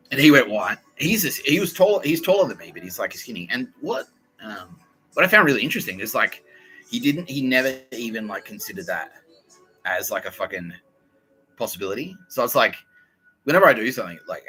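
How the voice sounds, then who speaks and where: A man's voice: on the low side, bright, forceful tone, low-quality recording. A young Australian man hosting a podcast, telling a heated, profane story in a rambling casual monologue. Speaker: podcast host.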